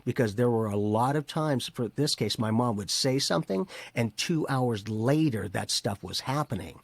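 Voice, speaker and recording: A man hosting a podcast interview, relaxed, asking questions at length. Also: medium pitch, moderate pace, gravelly, no room sound. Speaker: podcast host. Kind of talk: interview conversation.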